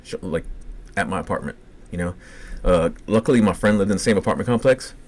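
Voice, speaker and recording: A man's voice: low-pitched, a little fast, slight background noise. A man with a Cajun accent telling rambling, profane personal stories on a casual podcast. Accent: Cajun English. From Louisiana. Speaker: podcast co-host.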